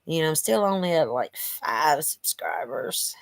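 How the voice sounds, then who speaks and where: Woman vlogger, low and unhurried, earnest and rambling, slightly stuffy nose. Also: expressive, vocal fry, dry recording. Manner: rambling, many "you know" fillers, earnest. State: stuffy from allergies. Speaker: channel host. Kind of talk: casual direct-to-camera vlog. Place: living room at home.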